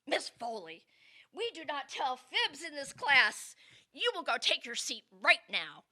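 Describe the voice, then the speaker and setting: A woman's voice: high-pitched, very animated, a little slow, sharp tone, full character voice. A woman voicing a strict schoolteacher who gives curt, commanding orders. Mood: stern. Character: strict middle-aged female schoolteacher.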